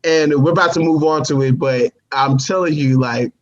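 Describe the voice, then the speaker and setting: A man's voice: fairly high pitch, normal speed, dull audio. A man co-hosting a casual review show who talks in an emphatic, slangy way. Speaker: podcast co-host.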